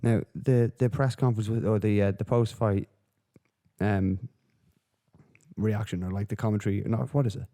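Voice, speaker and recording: A man's voice: on the low side, fairly even intonation, normal speed, warm tone. A man hosting a solo podcast, rambling and swearing through casual commentary with lots of fillers. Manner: profane, rambling, with frequent fillers. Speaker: podcast host.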